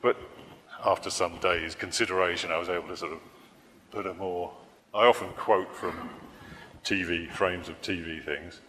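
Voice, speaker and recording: Male political cartoonist at a public talk: deep, bright voice, rambling, dry wit, echoing hall. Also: fairly even intonation, normal speed, a little hiss or hum. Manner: rambling, self-correcting, dry humor.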